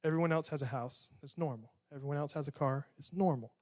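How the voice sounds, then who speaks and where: Young guy giving a sermon, slightly high voice, chatty preaching, acts out little dialogues. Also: fast talker, darkish tone.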